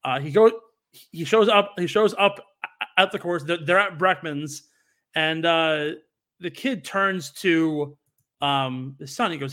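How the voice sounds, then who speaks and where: This young man co-hosts a podcast, chatting casually and telling a story full of fillers and restarts. His voice sits on the high side, slow and a bit bright.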